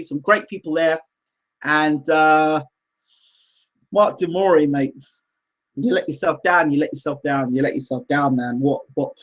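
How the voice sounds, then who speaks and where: A man hosting a casual live show, reading viewer comments aloud in an animated, teasing, rambling way. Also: high voice. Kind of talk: casual livestream chat.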